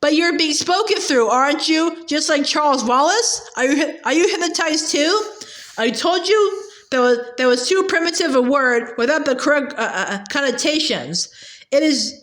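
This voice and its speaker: A woman's voice: sits high, animated, normal speed, a bit bright, roomy sound. A woman reading a novel aloud, stumbling and restarting now and then and raising her voice for the characters' lines. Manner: reads with small slips and restarts, lifting her voice for dialogue. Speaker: reader.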